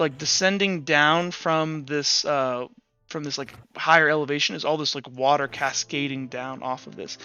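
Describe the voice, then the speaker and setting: A man's voice: on the high side, pushed and bright, clean tone, dull audio. A man narrating as game master of a tabletop game, rambling with lots of fillers and restarts.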